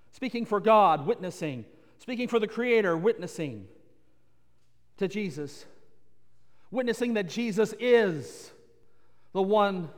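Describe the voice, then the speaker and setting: A man with a high voice delivers a sermon, building his points through repetition and tossing in playful asides. His words ring out with a long reverb, as in a church. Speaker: pastor.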